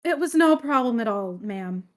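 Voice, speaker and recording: A woman's voice: fairly high pitch, expressive, moderate pace. A woman playing in a tabletop game, speaking theatrically with repeated endearments. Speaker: player.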